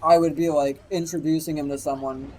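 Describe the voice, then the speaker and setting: Faint music plays behind a man whose voice is on the high side and a little fast, on a low-quality recording. His streamed anecdote wanders, is peppered with swearing, and gets its energy from quoted voices.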